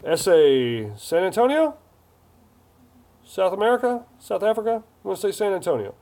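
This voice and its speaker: A man's voice: high-pitched, big pitch swings, moderate pace, mellow. A man hosting a casual live stream, chatty and jokey as he reads viewer comments aloud.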